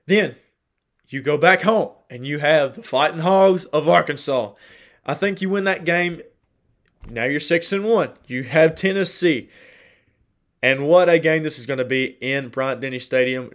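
A man's voice: on the high side, fairly bright tone. A young man hosting a casual solo sports podcast, chatty, laughing often and restarting his sentences. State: dry throat. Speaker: podcast host.

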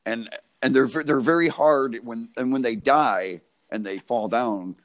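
A man's voice: mid-range voice, unhurried. Rambling, profane American guy. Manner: rambling, profane, laughs through his stories. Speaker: podcast co-host. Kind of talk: casual storytelling chat.

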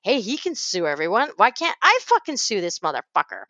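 A woman in casual chat, profane and animated, slipping into loud quoted rants. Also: medium pitch, fairly quick, dry recording, muffled recording.

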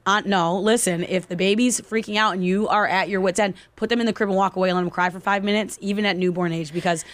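A woman's voice: medium pitch, fairly even intonation, quick pace, dry recording. A young woman co-hosting a podcast, telling stories in casual chat and acting out what people said. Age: young adult. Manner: chatty storyteller, acts out quotes with sudden yells. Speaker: podcast co-host.

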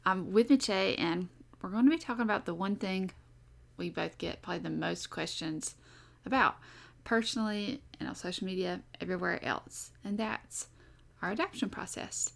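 A woman's voice: medium pitch, normal speed, vocal fry. A young adult woman hosting a casual podcast, chatty and upbeat with frequent fillers. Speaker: podcast host.

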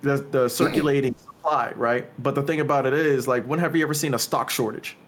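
Brief: male co-host, easygoing slangy chat, middle pitch. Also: steady tone, brisk. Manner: laid-back, slangy, says "bro" and "y'all". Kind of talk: casual profane chat.

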